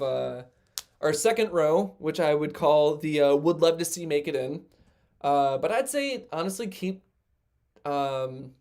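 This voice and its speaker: Chatty man livestreaming, slightly high voice. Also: darkish tone. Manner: rambling, lots of fillers, self-deprecating. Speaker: livestream host. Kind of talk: casual livestream chat.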